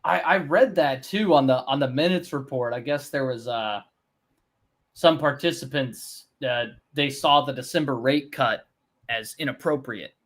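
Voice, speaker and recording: A man hosting a casual stock market livestream, chatting in a relaxed, hesitant way with frequent fillers as he thinks aloud. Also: medium pitch, a little slow. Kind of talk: casual trading chat.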